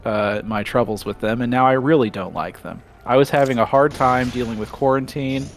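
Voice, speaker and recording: A man's voice: mid-range voice, fairly quick, a little hiss or hum. A young man, a podcast co-host, chatting casually during a live gaming stream and telling a rambling story, laughing mid-sentence.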